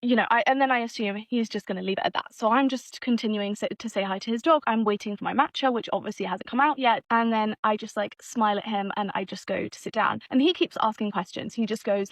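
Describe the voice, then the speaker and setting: A woman from London with a London accent, telling a story in a chatty, animated vlog style. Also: a little high, brisk, dry recording, rough recording. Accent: London English. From England. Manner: animated, chatty, swears casually. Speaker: vlogger.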